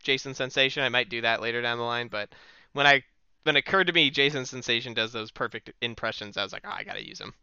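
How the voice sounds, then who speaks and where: A man's voice: medium pitch, quick pace, sharp tone, smooth, no room sound, highs cut off. A man co-hosting a casual podcast, rambling through a story with many fillers. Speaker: podcast co-host.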